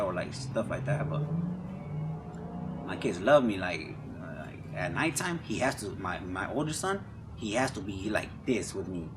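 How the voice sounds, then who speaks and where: A man's voice: fairly low pitch, sing-song, normal speed. A young man telling his life story in a candid interview, talking in street slang, repeating words and acting out what others said. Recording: noisy background.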